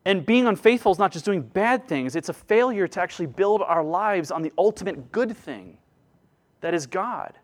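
High-voiced preaching man, dynamic. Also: expressive, moderate pace. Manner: earnest, acts out quoted voices, dynamic swings from loud to hushed. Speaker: pastor. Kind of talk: sermon.

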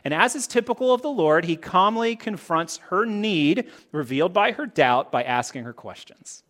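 Animated preacher man, lively rising pitch. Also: moderate pace. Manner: asks the listeners many rhetorical questions. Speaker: pastor. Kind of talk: sermon.

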